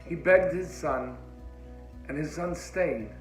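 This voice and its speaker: Male religious speaker, higher voice, dramatic story-sermon with hushed emotional moments, echoey room, soft music bed. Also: slow. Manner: sprinkles Hebrew religious terms.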